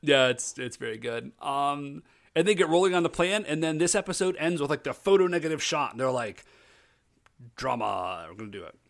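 A man in casual podcast chat, recapping a TV show and acting out the characters in quick voices. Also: fairly high pitch. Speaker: podcast co-host.

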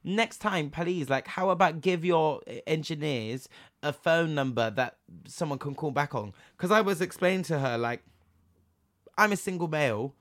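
A man's voice: a little high, normal speed, fairly bright tone, no echo, studio quality. A young man telling a story in casual chat, swearing freely and acting out both sides of a phone call.

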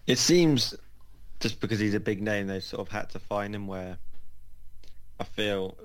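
Flat, low-voiced hesitant male pundit. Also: measured pace. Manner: hesitant, thinking aloud with many restarts. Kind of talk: casual football punditry.

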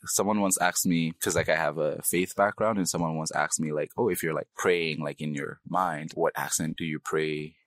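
A man's voice: very deep voice, steady tone, moderate pace, few pauses, fairly bright tone. A young man from Nigeria with a slight Nigerian accent, answering interview questions in a reflective, hedging way and laughing easily. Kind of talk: casual interview.

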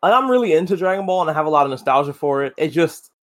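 A man co-hosting a podcast in relaxed casual chat, asking questions and giving brief replies. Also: on the high side, rapid-fire. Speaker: podcast co-host.

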